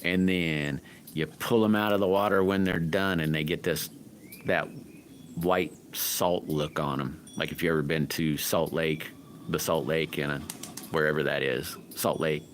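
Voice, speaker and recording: A man's voice: a bass voice, fairly even intonation, a little slow, a little hiss or hum. A man hosting a livestream, rambling through folksy stories and chatting casually with viewers. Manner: rambling folksy storytelling, laughs often. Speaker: livestream host.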